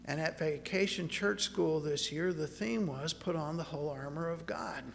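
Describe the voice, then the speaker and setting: A man preaching a sermon, moving from scripture into a personal story, earnest and halting, often repeating words as he restarts. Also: a little high, gravelly, in a large hall, slight background noise.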